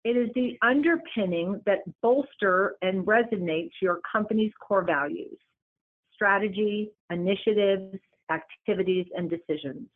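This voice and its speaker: Woman, presenter, scripted corporate narration, measured emphatic listing, tinny phone-quality sound. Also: mid-range voice. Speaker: presenter of a business series.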